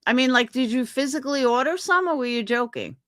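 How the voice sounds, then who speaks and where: Talking fast in a high, lively voice that's a bit bright, the young streamer comes through with studio quality and no echo. She reads comments and chats casually, venting indignantly and profanely while imitating others in put-on voices.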